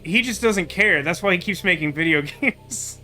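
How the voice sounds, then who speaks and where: A man's voice: high voice, animated, moderate pace, sharp tone. A man commenting on a video game in a wry, rambling way with lots of fillers. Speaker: gaming streamer. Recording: game music playing faintly behind.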